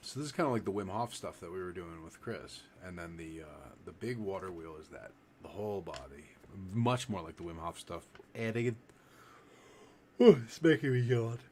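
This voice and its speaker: A livestream meditation teacher with a very low voice leads a breathing exercise, relaxed and rambling, demonstrating as he explains. He speaks briskly with few pauses, and a faint hiss runs beneath the audio.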